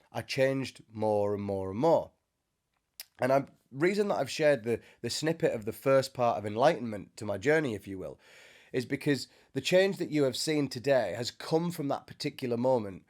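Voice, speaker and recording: Seated indoors in front of a brightly lit camera, a man who speaks on Christian faith offers a relaxed, chatty lesson peppered with jokes. His voice sits in the middle range with a somewhat dark color.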